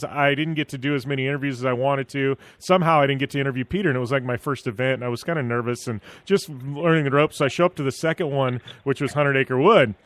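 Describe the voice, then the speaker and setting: A man's voice: a little high, fairly bright tone, no room sound. A man hosting a motorsport radio show, casually telling stories and chatting with a guest. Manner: chatty anecdotal storyteller. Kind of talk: casual chat.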